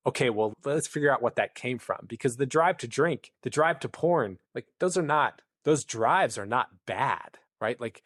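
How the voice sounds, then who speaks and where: Mid-range and expressive, this man talks at a moderate pace with few pauses and a slightly bright tone. As a podcast guest he's long-winded and earnest, voicing the inner thoughts of the people he describes, recorded cleanly in a studio with no room sound.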